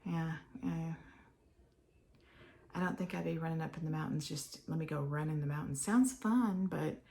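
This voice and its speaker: A woman's voice: sits low, level tone, moderate pace, gravelly, mellow. An older woman from Texas chatting in a meandering way to her viewers from a home office, sometimes dropping to a whisper. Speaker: vlogger. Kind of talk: rambling casual vlog.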